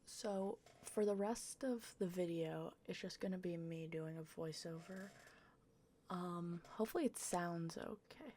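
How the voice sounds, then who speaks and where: A young woman doing a casual, rambling voiceover over gameplay, talking slowly and swearing offhandedly. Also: on the low side, dark tone, slight background noise. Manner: slow, rambling, self-deprecating, swears casually. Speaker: gaming YouTuber.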